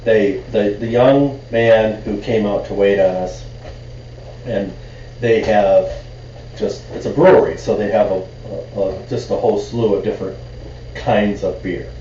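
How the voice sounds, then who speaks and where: A man with a low voice tells a rambling story in casual podcast chat, stumbling over restarts and perking up when amused. He sits a little away from the mic in an echoey room. The sound is dull, with faint hiss underneath. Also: fairly even intonation, measured pace, mellow, far from the mic. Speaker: podcast co-host.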